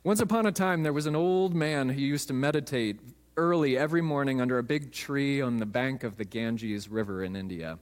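A man's voice: medium pitch, a little fast, in a large hall. A man, a pastor, preaching a sermon with emphatic storytelling in a church.

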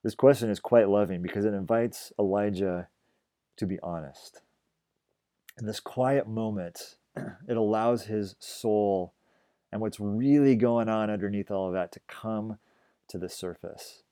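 Man, low mellow voice, gentle reflective sermon, dry close sound. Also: measured pace, dry recording. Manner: gentle, reflective, drops to a hush on quiet phrases. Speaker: pastor.

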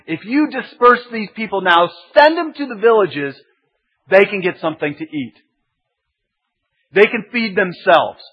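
A man voicing exasperated male disciples who argue loudly and practically about feeding a crowd. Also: sits high, animated, a little slow, breathy edge, voice pushed up, heavily acted. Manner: loud, incredulous, pleading. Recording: dull lo-fi sermon recording.

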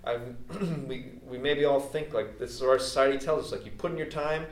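A man's voice: medium pitch, steady tone, a little fast. A man preaching a sermon in a loose, chatty way, full of fillers and restarts. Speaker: pastor. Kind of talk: casual conversational sermon. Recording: echoey room, mic at a distance, faint ambience.

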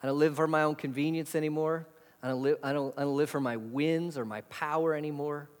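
A pastor preaching a sermon in a conversational way, full of rhetorical questions. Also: male voice, on the high side, steady tone, fairly quick. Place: church hall. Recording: hall reverb.

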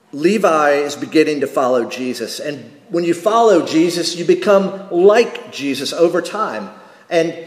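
A man preaching a sermon as pastor, emphatic and repeating key phrases for weight. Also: a little high. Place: church sanctuary. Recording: echoey hall, long reverb.

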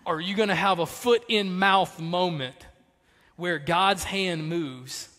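A male pastor preaches emphatically in a high-sitting voice at a slow pace, swinging between loud, punchy lines and soft ones that trail off. A long hall reverb surrounds his sermon.

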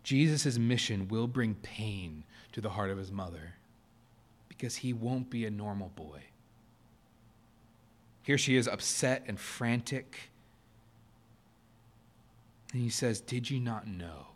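A man preaching a sermon to his church, earnest, pressing his points hard and then dropping to a softer, quieter tone. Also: fairly low pitch, takes it slowly, pauses often. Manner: earnest, rising to emphatic stresses then dropping soft. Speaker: pastor. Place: church sanctuary.

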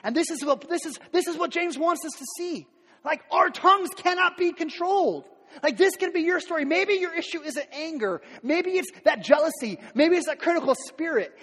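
High-voiced pastor preaching in a reverberant hall. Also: male voice, animated, moderate pace, a bit bright. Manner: candid, conversational preaching with many "like" fillers and restarts; acts out quoted voices of everyday people. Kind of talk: sermon.

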